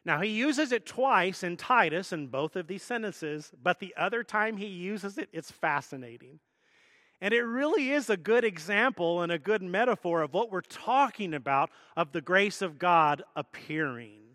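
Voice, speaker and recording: Bright-voiced male pastor preaching. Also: high voice, expressive, normal speed, no room sound, studio quality, big-room sound. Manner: conversational teaching with self-deprecating jokes. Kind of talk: sermon.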